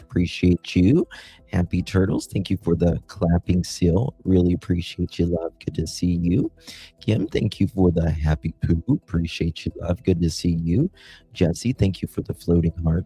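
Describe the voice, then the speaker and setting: Male livestream host, deep mellow voice, chatty and halting with fillers. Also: slightly rough, dry recording. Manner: thanks viewers one by one, affectionate pet names. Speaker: host of a true crime livestream. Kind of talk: casual livestream chat.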